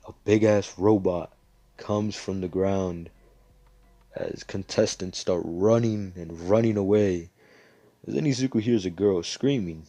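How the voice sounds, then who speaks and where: A man's voice: fairly low pitch, warm tone, no room sound. A man casually narrating a fan story in a loose, sweary way with filler asides. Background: faint background music.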